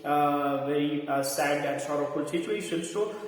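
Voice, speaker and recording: A man's voice: a little high, moderate pace. A man explaining a play in class, full of fillers as he paraphrases the lines. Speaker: literature teacher. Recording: echoey hall from far off.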